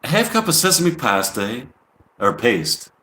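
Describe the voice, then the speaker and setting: A man's voice: mid-range voice, big pitch swings, unhurried, bright, forceful tone, roomy sound. A man voicing a female rock singer in a put-on New York accent, reading out a recipe list in a raised voice. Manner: reads ingredient lists in a raised, sing-song put-on voice.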